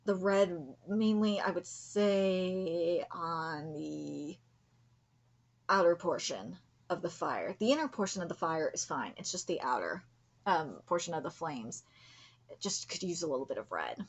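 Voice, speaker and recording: Woman, young adult, husky voice, lively swooping pitch, gushing, swears freely, live comic reaction. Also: measured pace. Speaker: reaction streamer.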